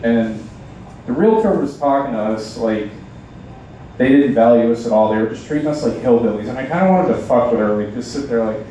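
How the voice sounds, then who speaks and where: Deadpan man at a bar open mic. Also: medium pitch, a little hiss or hum. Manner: halting, deadpan delivery with many ums. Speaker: stand-up comedian. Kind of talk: open mic stand-up set. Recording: echoey bar sound from a distance.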